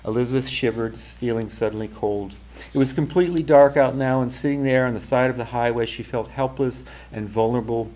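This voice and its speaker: An author reading a passage from his novel in a measured, even way. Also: medium pitch, rough recording. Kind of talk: literary fiction reading.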